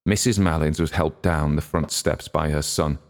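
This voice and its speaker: A man narrating a classic short story in an audiobook, reading in a measured, steady way. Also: a bass voice.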